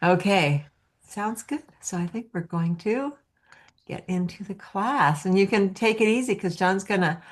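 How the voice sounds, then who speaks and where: A woman's voice: mid-range voice, lively intonation, a little slow. A woman hosting an online class over a video call, chatty and welcoming. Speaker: course host.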